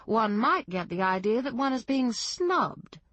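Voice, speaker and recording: A woman's voice: on the high side, very animated, a little slow, fairly bright tone, no room sound, pitched above the performer's own voice, exaggerated voice. A woman voicing a drawling, gossipy society editor woman with an affected manner. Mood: arch. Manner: drawling, affected, fond of "darling".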